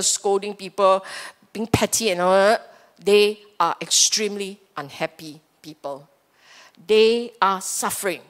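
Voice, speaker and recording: A woman teaching the Dhamma in Singaporean-accented English, in a middle pitch for a woman. She is playful and animated, slips into little acted-out inner voices and keeps checking in with her listeners. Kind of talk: Dhamma talk to a live audience. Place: Buddhist temple hall.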